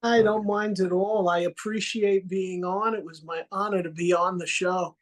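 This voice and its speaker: High-voiced Brooklyn man chatting. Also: fairly even intonation, moderate pace. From New York. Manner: chatty, rambling with fillers. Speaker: guest. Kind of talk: casual chat.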